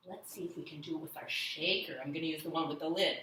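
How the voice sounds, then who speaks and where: A woman's voice: low voice, steady tone, fast, hardly any pauses, far from the mic, loud music behind the voice. A woman teaching young children rhythm at home, chanting and counting the beats in a sing-song way. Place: at home, indoors. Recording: echoey room, voice a little off-mic.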